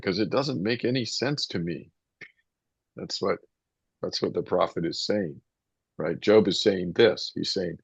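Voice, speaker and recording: A man's voice: low-pitched, measured pace, husky, no echo. A man teaching a casual Bible study to a small group. He talks in a rambling, conversational way, restarting sentences and reading scripture aloud. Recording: muffled, dull lo-fi sound.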